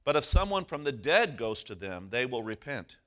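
Man reading a pleading rich man, scripture reading, forceful bright tone. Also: mid-range voice, big pitch swings, normal speed.

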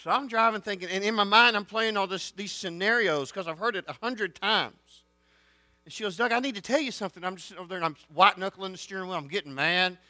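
A man preaching to students, rising to shouted excitement. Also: high voice, brisk, dry recording. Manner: folksy, builds to shouted excitement. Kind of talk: sermon storytelling.

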